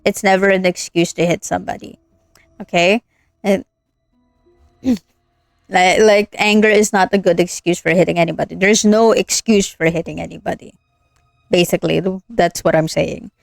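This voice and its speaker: A woman's voice: lowish voice, fairly even intonation, moderate pace, vocal fry, pauses often, no room sound, faint music behind. Ranting young woman game streamer. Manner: ranting, earnest, with laughs and many fillers. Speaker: streamer playing a visual novel. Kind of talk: casual gameplay commentary.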